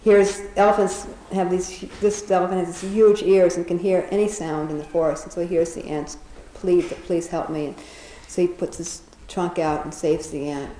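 A woman's voice: lowish voice, little pitch movement, normal speed, hardly any pauses, warm tone, reverberant, a little hiss or hum, poor audio. A woman casually retelling a children's fable, chatty, often laughing, with many fillers and restarts. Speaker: storyteller.

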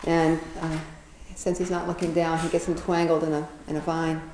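A woman retells an animal fable in a loose, rambling way, chuckling and filling gaps with fillers. Her voice is low and mellow. The room around her is roomy and echoing, with faint noise underneath. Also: completely flat delivery, moderate pace. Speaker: storyteller. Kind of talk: casual storytelling. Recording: roomy echo.

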